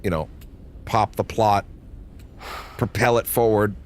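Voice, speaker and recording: Deep-voiced rambling young man streaming. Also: steady tone, a little slow, darkish tone, slight background noise. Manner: rambling, loose, swears casually. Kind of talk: casual gameplay commentary.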